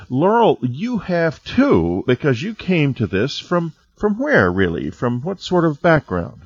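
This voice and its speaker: Husky, lively male interviewer. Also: medium pitch, dry recording, dull audio. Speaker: interviewer, host. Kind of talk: radio interview.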